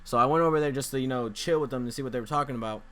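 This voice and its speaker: A man's voice: medium pitch, racing, a bit bright. A young man vlogging casually, telling a rambling story and acting out the voices of people he quotes.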